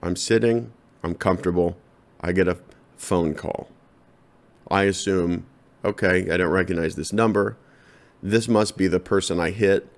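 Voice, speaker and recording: A man with a very deep, low-pitched voice rambles through a comedic solo podcast monologue. His delivery is deadpan and loose, and he addresses his listeners directly. He talks into a podcast microphone. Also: a little slow, gravelly, long pauses.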